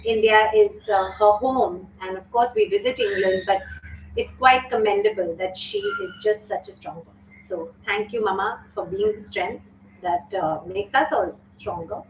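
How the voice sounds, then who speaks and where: Speaking expressively at a moderate pace, a middle-aged woman with a medium-pitched voice runs a live online yoga class as teacher and host, emotional and heartfelt as she reads viewers' comments and talks to them. The sound has a little hiss or hum, roomy echo, faint ambience and a distant mic.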